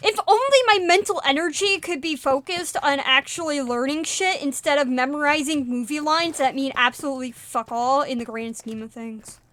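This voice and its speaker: A woman streaming a video game, chatting casually and retelling things in a rambling, animated way with fillers and swearing. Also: sits high, moderate pace, few pauses. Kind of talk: casual live-stream chatter while gaming.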